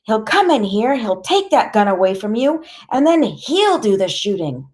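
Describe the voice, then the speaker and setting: A woman's voice: mid-range voice, sing-song, normal speed, mellow, pitched above the performer's own voice, close to an everyday voice. A woman voicing an upset grandmother who pleads in a raised, tearful-sounding voice and hates violence. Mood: distraught.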